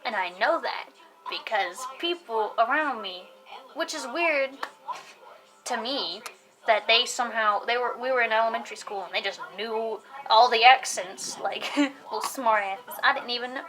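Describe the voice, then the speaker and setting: A woman's voice: fairly high pitch, normal speed, fairly bright tone, rough recording. A young woman from the United States with a British-sounding accent, telling a rambling story to camera, giggling, swearing and dropping into whispers now and then. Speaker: vlogger.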